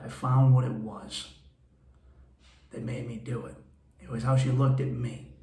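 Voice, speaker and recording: A man who is a comedian and podcast host, telling stories in a blunt, profane and candid monologue. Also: mid-range voice. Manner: profane, blunt, animated storytelling. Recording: roomy echo.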